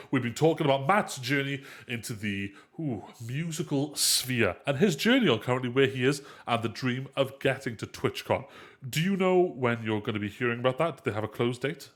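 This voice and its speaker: A man hosting a live podcast, sounding congested and stuffy, rambling and correcting himself as he talks. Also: medium pitch. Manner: rambling, self-correcting, playful. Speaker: podcast host. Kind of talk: casual podcast chat.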